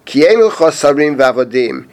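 A middle-aged man, a rabbi, teaching a Bible chapter, reading Hebrew verses slowly and then translating and explaining them. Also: mid-range voice, expressive, a little mellow. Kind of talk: spoken Bible lesson.

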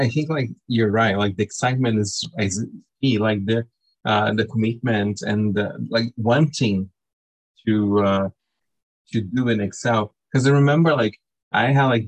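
A man's voice: lowish voice, no room sound, poor audio. A man hosting a podcast, chatting casually and telling a story with many "like" fillers. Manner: relaxed storytelling, frequent "like" fillers. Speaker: podcast host. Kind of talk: casual interview chat.

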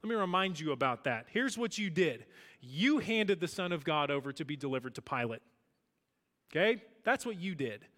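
A man preaching a sermon as pastor, emphatic, swinging between loud declarations and hushed lines. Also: a little high, sing-song, moderate pace. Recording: long hall reverb.

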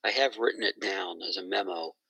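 A middle-aged man with a husky, gravelly voice, a little low in pitch. He tells a story in a casual, conversational way and quotes the people in it. The sound is dry and close. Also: brisk, no room sound, poor audio. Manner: retells others' dialogue in a lively storytelling way. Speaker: interview guest.

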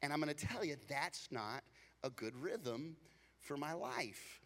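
A man's voice: a little high, very animated, unhurried, a bit bright, in a large hall. A man preaching a sermon as a pastor, casual and joking, slipping into acted voices to tell everyday stories.

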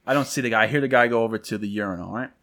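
A man's voice: on the low side, racing, a bit bright. Laid-back podcast co-host man. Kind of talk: casual chat and storytelling.

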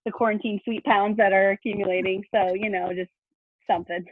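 A woman's voice: mid-range voice, fairly even intonation, brisk, no room sound. A mother talking through her routines on a coaching call, chatty and self-deprecating, laughing at herself. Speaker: coaching client. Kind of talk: phone conversation. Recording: gravelly phone-line audio, dry.

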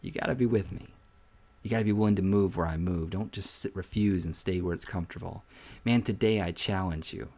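Low-voiced guy preaching a devotional podcast, earnest and pushy, repeats stuff, keeps saying man. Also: brisk, a little mellow. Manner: earnest, exhorting, repeats phrases for emphasis; conversational, often says "man". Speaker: podcast host giving a devotional.

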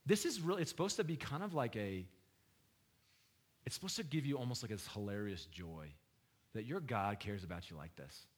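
A man preaching a sermon in a conversational style, joking with the congregation and asking them questions. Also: medium pitch. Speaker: pastor.

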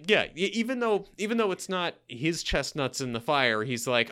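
A man's voice: on the high side, sing-song, normal speed, few pauses, bright, forceful tone. A man co-hosting a casual podcast, adding wry jokes and tangents while recapping a sitcom. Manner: wry, joking asides and tangents. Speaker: podcast co-host.

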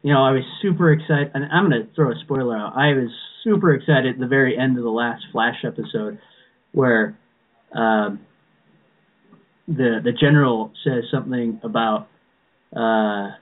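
Over tinny, phone-like sound, a man co-hosting a podcast chats casually with fans at normal speed in a medium-pitched voice. He rambles, restarting often and filling in with "you know."

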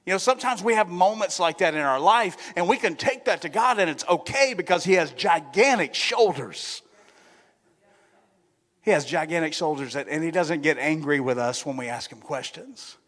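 A man's voice: fairly high pitch, lively intonation, moderate pace, fairly bright tone. Man, pastor, conversational sermon, tosses questions to the congregation, echoing sanctuary. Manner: conversational, keeps asking the congregation "right?". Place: church sanctuary. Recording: long church-hall reverb.

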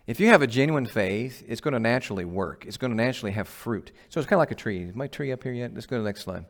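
A man's voice: medium pitch, animated, fast. A man, a pastor, giving a conversational, emphatic sermon and often asking the congregation questions. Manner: laughs at himself.

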